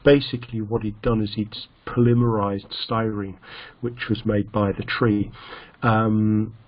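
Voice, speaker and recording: Slow, halting male teacher. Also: fairly low pitch, level tone. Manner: slow and halting, many fillers and restarts. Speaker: English teacher. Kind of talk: online lecture. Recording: dull lo-fi sound.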